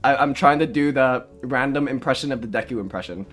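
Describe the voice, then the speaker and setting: A man's voice: medium pitch, a little fast, a bit bright, faint music behind. A young man streaming live, chatting casually in a rambling, self-mocking way and laughing often. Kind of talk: casual livestream chat.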